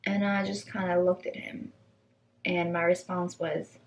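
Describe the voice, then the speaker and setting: A woman's voice: on the low side, measured pace, slight background noise. Chatty young woman telling funny stories. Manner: chatty, animated, acts out voices in quotes. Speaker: vlogger. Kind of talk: casual storytelling.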